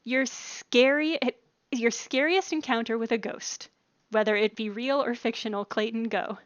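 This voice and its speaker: A woman's voice: on the high side, steady tone, clean tone, no room sound, dull audio. A woman hosting a casual game stream, chatty and upbeat over a headset voice chat. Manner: chatty, upbeat, quick to laugh. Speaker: stream host.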